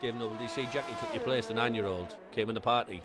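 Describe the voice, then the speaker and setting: A man's voice: mid-range voice, racing. A man co-commentating a sim race, chatty and easygoing, often tripping over his words and telling jokes.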